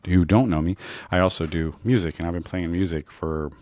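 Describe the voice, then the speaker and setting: A man's voice: deep voice, fairly quick, darkish tone, no echo. A man in his thirties from New Orleans, telling stories from his life in a rambling way with many fillers and restarts. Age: 30s. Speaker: podcast host. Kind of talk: casual storytelling monologue.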